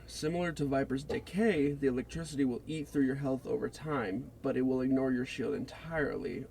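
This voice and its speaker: A man reading out a scripted, deliberate presentation of a character concept for a game. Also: medium pitch, a little mellow, a little hiss or hum. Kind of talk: read-aloud character pitch.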